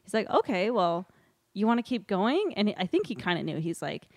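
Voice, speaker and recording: Woman guest recounting a mishap, animated, laughs often, dry sound. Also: medium pitch, normal speed, no room sound. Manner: laughing often, animated retelling with quoted dialogue. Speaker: storyteller. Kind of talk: casual storytelling.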